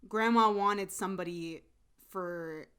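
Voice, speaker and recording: A woman's voice: mid-range voice, takes it slowly, sharp tone, clear, resonant tone. A woman co-hosting a podcast, talking through a drama in casual, emphatic chat full of fillers. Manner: chatty, many fillers, emphatic. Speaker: podcast co-host.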